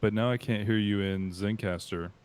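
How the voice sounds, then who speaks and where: A man's voice: on the low side, steady tone, moderate pace, darkish tone, smooth. A man co-hosting a live podcast stream, laid-back and dry as he helps sort out audio problems. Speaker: podcast co-host. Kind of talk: casual live-stream chat.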